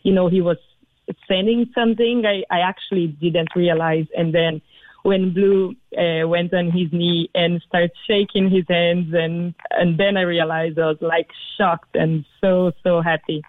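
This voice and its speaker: A woman's voice: on the low side, measured pace, no echo. Cheerful Brazilian-born woman on a phone line. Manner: excited, cheerful storytelling. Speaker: interview guest. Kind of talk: phone interview.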